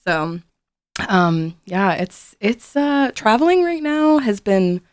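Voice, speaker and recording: A woman's voice: mid-range voice, expressive, slow pace, clean tone. A young woman from Indiana in casual chat, talking freely with many fillers and frequent laughs. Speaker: guest.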